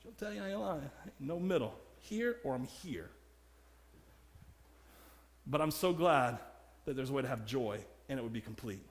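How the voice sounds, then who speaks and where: A man's voice: mid-range voice, lively intonation, normal speed, long pauses, in a large hall. A man preaching a sermon in a church, joking about himself and laughing often as he speaks. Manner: humorous, self-deprecating, laughs often. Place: church sanctuary.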